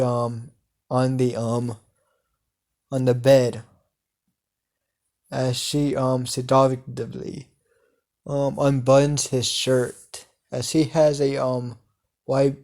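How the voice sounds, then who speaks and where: A man's voice: mid-range voice, a little mellow. A man improvising a fan story aloud, hesitant with many fillers and laughing at his own plot.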